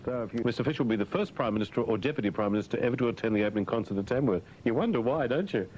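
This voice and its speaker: A man's voice: animated, racing, darkish tone. A man hosting breakfast radio, reading the news and mocking it with jokey asides and mumbled fillers. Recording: dull lo-fi radio broadcast with faint rumble.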